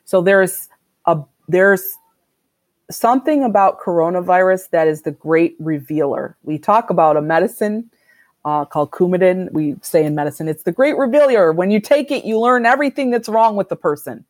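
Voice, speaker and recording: A woman doctor answering interview questions in a candid, reflective and measured way. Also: lowish voice, lively intonation, a little mellow, no echo. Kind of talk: conversational interview.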